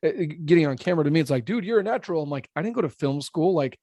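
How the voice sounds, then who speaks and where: A man in his thirties who owns a roofing business, a podcast guest talking fast and blunt, slurring his words a little. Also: dry recording, clean studio sound. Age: 30s. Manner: blunt, animated, salesman-like pitching. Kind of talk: casual podcast interview.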